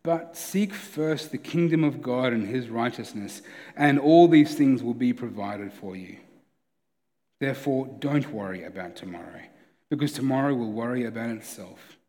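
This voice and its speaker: A man's voice: medium pitch, normal speed, dark tone, in a large hall. A man preaching a sermon as a pastor, conversational and earnest, often restarting his sentences.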